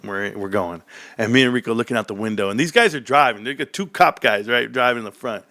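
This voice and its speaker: A fast-talking man recounts a childhood story in casual conversation, recorded with no echo. He's animated, laughs often, and acts out the voices from his childhood in a high, excited pitch.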